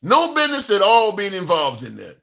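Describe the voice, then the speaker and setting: A man hosts a political call-in livestream in a high, gravelly voice that swoops wildly in pitch, sounding brisk, pushed, and bright. In casual commentary, he reacts to chat messages and callers, restarting sentences and repeating his points emphatically.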